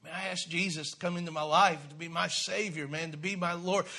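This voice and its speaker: Guy preaching a testimony in church, bright tone, goes quiet then fired up. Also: a little high, fairly even intonation, brisk, hardly any pauses. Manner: swings from hushed confessional to loud fervent preaching. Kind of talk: sermon testimony. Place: church sanctuary.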